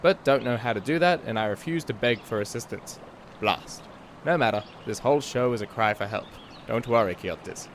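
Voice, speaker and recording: A man's voice: mid-range voice, expressive, normal speed, a little hiss or hum. A man hosting a show and narrating his own comic adventure in mock-archaic, theatrical turns with dry asides. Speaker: podcast host and storyteller.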